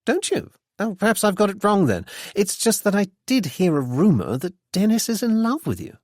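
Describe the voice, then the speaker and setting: A man voicing a young gentleman sleuth in an audiobook, speaking with dry, ironic politeness. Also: mid-range voice, very animated, moderate pace, no echo, pitched above the performer's own voice. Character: wry young gentleman sleuth, bland and teasing.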